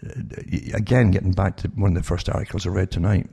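A man with a low, gravelly voice talks through news articles for his listeners in loose, rambling bursts. His tone is dark and husky, and he keeps breaking off and restarting to fire rhetorical questions at the audience. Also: fairly even intonation, fast talker. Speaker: online commentator reading news articles. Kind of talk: rambling spoken commentary to listeners.

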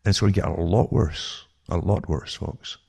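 A man with a very low voice and a heavy gravelly fry, talking in a long rambling monologue. His tone is dark and husky, and he keeps restarting sentences and tossing "eh?" at the listener. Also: moderate pace. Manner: rambling, with frequent restarts and asides like "eh?". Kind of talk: monologue commentary.

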